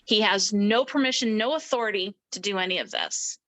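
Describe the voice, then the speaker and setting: A woman's voice: medium pitch, brisk, fairly bright tone, poor audio. A middle-aged woman, an interview guest, recounting a personal story emphatically and acting out the people she quotes.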